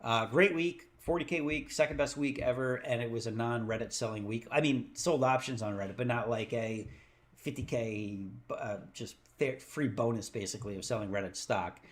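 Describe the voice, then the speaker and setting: Guy hosting a trading stream, excited and rambly, trips over his words, medium pitched voice. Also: normal speed. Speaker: host of a stock trading show. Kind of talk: casual livestream commentary.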